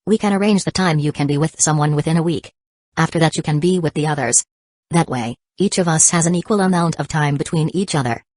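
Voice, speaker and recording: A woman voicing a devoted young woman from a storybook, speaking calmly and earnestly. The tone is low, recorded close and dry. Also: fairly quick, dry recording. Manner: calm, even delivery.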